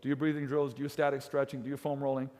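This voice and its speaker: A middle-aged man teaching fitness trainers in an energetic coaching lecture, pushing his points hard and often asking "right?". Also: very fast. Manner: emphatic, swings pitch and loudness for effect, keeps asking "right?". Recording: large hall with long reverb.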